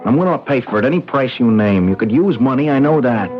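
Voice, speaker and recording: An eager young man in his twenties, played by a man, who stammers earnestly and restarts his sentences. His voice swings widely in pitch over music. The recording is dull and lo-fi, like an old radio play. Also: animated, fast talker, lightly acted. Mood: pleading. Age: 20s. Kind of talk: 1970s radio drama acting.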